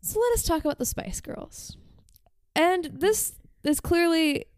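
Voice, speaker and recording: A woman's voice: very high-pitched, expressive, measured pace, darkish tone, no echo. A woman hosting a podcast, telling a story in casual chat with lots of "like" fillers. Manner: chatty, frequent "like" fillers. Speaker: podcast host.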